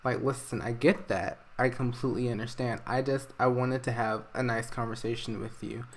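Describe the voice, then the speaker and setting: A remorseful middle-aged father, as a narrator puts him on, pleading haltingly and tripping over his words. He talks in a mid-range voice and keeps restarting his sentences in a narrated game story. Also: mid-range voice, steady tone, natural voice.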